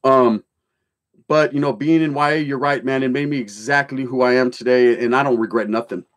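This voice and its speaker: A man's voice: mid-range voice, fairly even intonation, a little fast. A middle-aged man, hosting a livestream. He reads chat comments aloud and tells his own stories bluntly, in swearing street slang mixed with Spanish words. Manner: blunt, storytelling, joking then serious. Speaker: livestream host.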